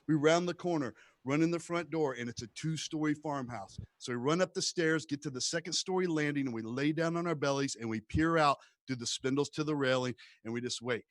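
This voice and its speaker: A male comedian spins a long stand-up story, voicing his characters with sudden high shouts. His voice sits a little high and sounds dry and close, with no room around it. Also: fairly quick, few pauses, dry recording. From rural United States. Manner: animated storyteller who acts out shouted quotes.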